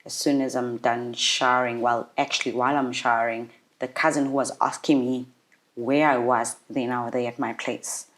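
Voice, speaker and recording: A woman, an interview guest telling a painful personal story in a halting, emotional way with many restarts. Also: rumbling low, flat delivery.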